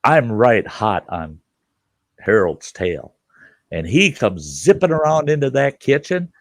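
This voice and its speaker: A man's voice: medium pitch, takes it slowly, dry recording. An older man hosting a casual chat, telling a story with lots of laughter and cursing. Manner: animated, profane, laughs through his stories. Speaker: podcast host.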